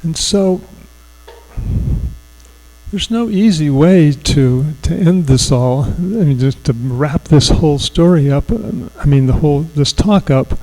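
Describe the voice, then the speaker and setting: A man giving a reflective, conversational spiritual talk, asking gentle questions and laughing easily. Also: fairly high pitch, expressive, slow pace, rough recording. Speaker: spiritual speaker. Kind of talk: sermon.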